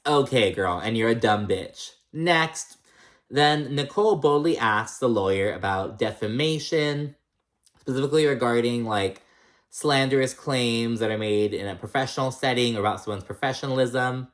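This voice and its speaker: A man's voice: medium pitch, normal speed. A man recapping reality TV in casual chat, blunt and sassy, swearing a lot and calling people "girl".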